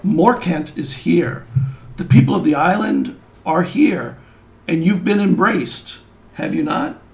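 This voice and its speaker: Steady, gentle caretaker played by a man, gravelly and reassuring. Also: on the high side, slow pace, exaggerated voice.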